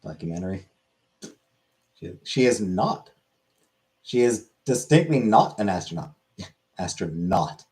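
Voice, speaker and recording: A man's voice: on the low side, expressive, a little slow, long pauses, a little mellow. A man hosting a casual comedic monologue, crude and irreverent, rambling between jokes.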